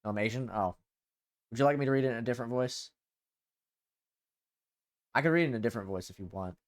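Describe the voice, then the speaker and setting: A man hosts a casual live stream as a VTuber, chatting loosely and rambling fast. He swears freely and drifts between thoughts in a mid-pitched voice.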